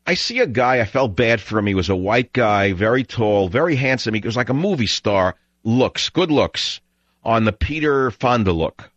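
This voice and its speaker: With a medium-pitched, expressive voice that's a little bright, a man hosting a call-in radio show launches into a scornful, blunt rant at a moderate pace. The broadcast audio, recorded on a studio microphone, sounds dull and dry.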